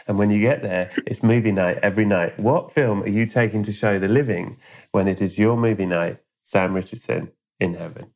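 A man, hosting a podcast and telling a playful, absurd comic story to his guest. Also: lowish voice. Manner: playful, spins absurd tales with quoted voices. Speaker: podcast host. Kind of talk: comic storytelling in a casual interview.

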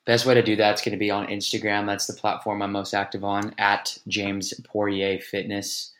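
Bright-voiced man, fitness coach guest. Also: lowish voice, monotone, moderate pace. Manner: warm, affirming, grateful. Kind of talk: casual chat.

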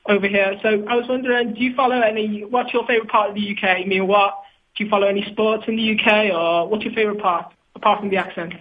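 A man's voice: sits high, steady tone, fast talker. A man with a British accent calling in to a casual chat show, teasing and hesitant, often repeating his words. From Britain. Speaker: caller. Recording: tinny phone line.

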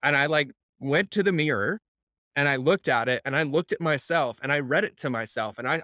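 Animated, swearing podcast host, man. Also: on the high side, fairly quick, no echo, studio quality. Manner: animated, emphatic, swears freely. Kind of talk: casual chat.

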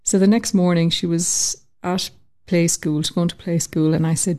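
A woman telling a personal story in an interview, lively and acting out the voices she quotes. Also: on the low side, moderate pace, hardly any pauses. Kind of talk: conversational storytelling.

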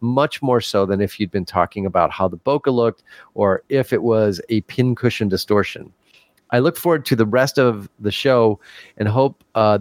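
A man's voice: lowish voice, no room sound. A man co-hosting a casual podcast, reading a listener's email aloud with stumbles and self-deprecating laughs. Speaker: podcast co-host.

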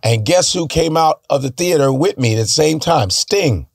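A man telling stories as a podcast guest in a casual, animated and profane way. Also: a little high, moderate pace, gravelly, dry recording, clean studio sound.

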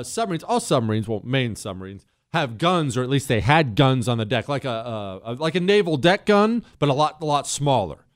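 A man hosting a call-in radio talk show, brash and joking as he talks. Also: medium pitch.

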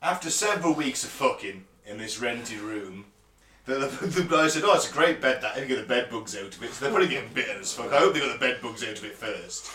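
A man's voice: mid-range voice, animated, quick pace, bright, forceful tone, roomy sound, recorded from a distance. A man from England co-hosting a podcast, chatty and swearing as he retells a film plot. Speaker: podcast co-host. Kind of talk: casual chat.

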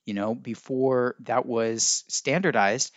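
A man's voice: medium pitch, slow pace, no echo. Rambling male podcast host, dry sound. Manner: rambling and musing, looks things up mid-talk. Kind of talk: casual spoken podcast talk.

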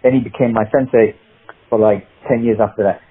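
Male actor guest, Cockney accent, husky voice, phone-line sound. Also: on the low side, brisk. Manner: rambling, animated, many restarts. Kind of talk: casual interview storytelling.

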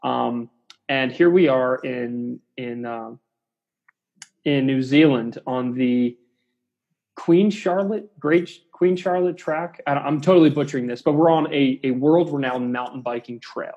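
Husky-voiced man telling a rambling story. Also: medium pitch, a little slow, darkish tone, muffled recording. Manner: rambling storyteller, restarts, acts out quotes. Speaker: CrossFit coach, podcast guest. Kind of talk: casual chat.

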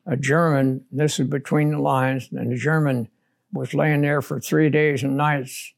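Gravelly older man, blunt storyteller. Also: medium pitch, level tone, measured pace. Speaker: war veteran interviewee. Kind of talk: oral history interview.

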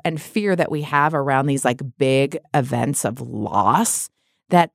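A middle-aged woman with a low voice talks candidly in a podcast conversation. Her tone is reflective and open, and it rises sharply when she acts out other people's words. The sound is close and dry. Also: no echo. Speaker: guest.

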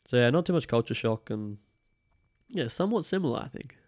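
A man's voice: mid-range voice, brisk, no room sound, clean studio sound. A young man from the UK with an accent between British and Australian, chatting casually as a podcast guest with lots of fillers. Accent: mix of British and Australian. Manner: relaxed, rambling, many fillers. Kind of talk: casual chat.

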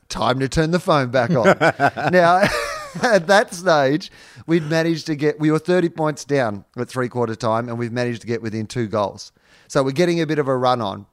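Animated Australian man telling a story. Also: mid-range voice, clean tone, no echo, clean studio sound. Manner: animated storytelling, swearing, laughing. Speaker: podcast co-host and stand-up comedian. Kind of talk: casual chat.

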